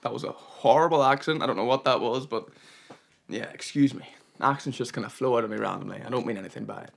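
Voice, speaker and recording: Fast-talking gravelly man. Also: medium pitch. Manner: chatty, rambling, full of "kinda" and "you know". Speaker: travel vlogger. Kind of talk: casual travel vlog narration.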